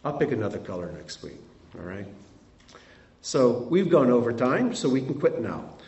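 A man's voice: mid-range voice, sing-song, normal speed, darkish tone, lo-fi sound. A middle-aged man preaching a sermon as a pastor, conversational, asking his congregation rhetorical questions. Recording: roomy sound from a distant mic.

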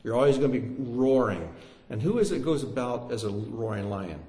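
A man preaching a sermon in an animated way, with joking asides and swings between loud and hushed delivery. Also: mid-range voice, fairly quick, reverberant.

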